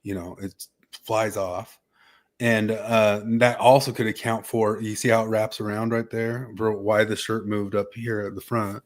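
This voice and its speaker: A man's voice: on the low side, flat delivery, unhurried. A man hosting a casual podcast chat, rambling and hedging with lots of fillers. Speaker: podcast host.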